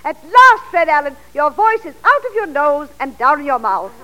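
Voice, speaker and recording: Pompous singing teacher, theatrical, high voice, animated pitch. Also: female voice, normal speed, lo-fi sound, full character voice. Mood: grandiose.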